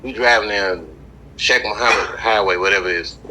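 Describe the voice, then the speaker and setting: A man's voice: lowish voice, normal speed, noisy background. A man doing a stand-up routine, telling loose stories and chatting with the crowd. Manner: loose storytelling with crowd work. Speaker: stand-up comedian. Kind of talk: stand-up routine played in a reaction video.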